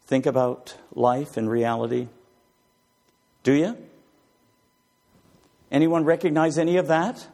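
A man's voice: fairly high pitch, measured pace, pauses often. A man preaching a sermon, asking his listeners rhetorical questions. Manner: animated, rhetorical questions to the congregation.

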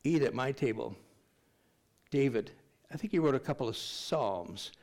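Older man, pastor, conversational sermon, jokes with the crowd, mid-pitched voice. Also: animated, unhurried, a little mellow. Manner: conversational preaching, jokes with the congregation.

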